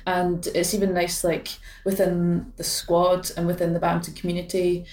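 Scottish woman, low voice, echoey and distant. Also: completely flat delivery, moderate pace, darkish tone. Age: late 20s. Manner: hesitant, many fillers and restarts. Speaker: professional badminton player, guest. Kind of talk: casual interview chat.

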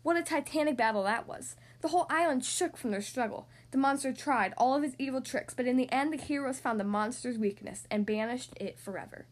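A woman voicing a grumpy older male building superintendent in a read-aloud storybook, gruff and grumbling. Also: very high voice, a little fast, few pauses. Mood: solemn.

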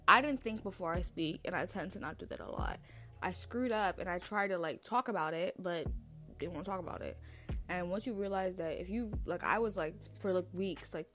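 A young woman hosting her own podcast, talking casually and bluntly with lots of fillers. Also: fairly low pitch. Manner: chatty, blunt, many fillers. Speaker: podcast host. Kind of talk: casual solo podcast talk.

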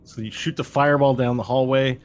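A man running a tabletop game as game master, narrating scenes vividly with halting pauses and shouted cries. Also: mid-range voice, fairly even intonation.

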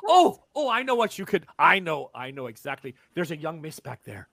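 A man's voice: fairly high pitch, normal speed, no room sound, full character voice. A man voicing a pushy, chatty traveling tinker who rambles and talks up his wares. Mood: eager. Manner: eager salesman, rambling and excitable.

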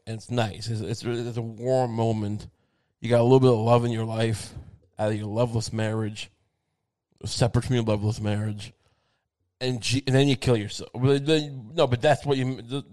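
A man's voice: mid-range voice, fairly even intonation, fairly quick, darkish tone. A man hosting a podcast, delivering a crude, rambling comedic monologue with lots of profanity, stammered restarts and acted-out quoted voices. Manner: acts out quoted voices in bits.

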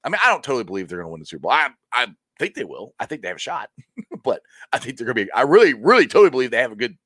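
Male sports stream host, animated delivery, dry close mic, rambling and excitable. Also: medium pitch, racing, no echo. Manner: excitable, rambling, laughs often. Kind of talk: casual live-stream chat.

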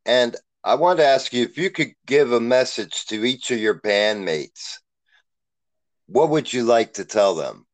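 A man's voice: medium pitch, animated, unhurried, low-quality recording. A man hosting a podcast interview, asking short, polite questions. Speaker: podcast host.

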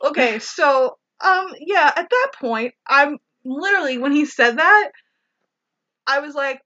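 A woman co-hosting a podcast recaps a movie casually and animatedly, swearing a lot and acting out quotes in exaggerated voices. Her voice sits high and moves a little slowly, and the recording has a dull, lo-fi sound.

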